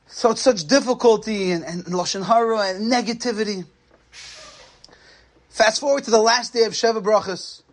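A man giving a sermon, telling a story in an animated, dramatic way. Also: high-pitched. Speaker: lecturer.

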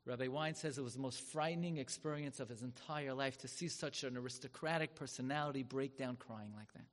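A man giving a sermon as a story. He talks with drama and turns loud and high when he acts out the people in it. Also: fairly quick. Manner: dramatic, swells loud and high when acting out quoted rabbis. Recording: long hall reverb.

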